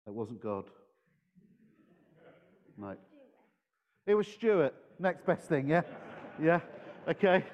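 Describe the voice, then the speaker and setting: A man's voice: fairly high pitch, big pitch swings, takes it slowly, pauses often, long reverb tail, dull audio. A man giving a playful children's talk in a church service, quizzing his young listeners as he goes. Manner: playful, engages the audience with questions. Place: church hall. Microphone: handheld microphone.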